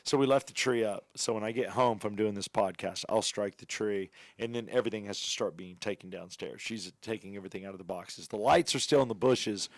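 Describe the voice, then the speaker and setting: Excitable man on a dry podcast mic. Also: lowish voice, fairly quick, hardly any pauses, dry recording. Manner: excitable, jumps between loud outbursts and mumbled asides. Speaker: podcast co-host. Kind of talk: casual podcast banter.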